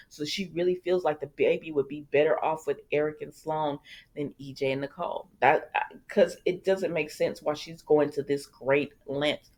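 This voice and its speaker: A woman's voice: low voice, steady tone, moderate pace, a little mellow. A woman hosting a casual soap opera recap, chatty and talking straight to her viewers. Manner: chatty, addresses viewers as "y'all".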